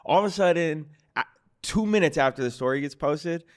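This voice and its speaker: A man, a guest comedian, telling stories in a casual, animated and profane way on a podcast. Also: fairly high pitch, a little fast. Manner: animated, profane storyteller acting out quotes. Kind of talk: casual storytelling. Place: podcast studio.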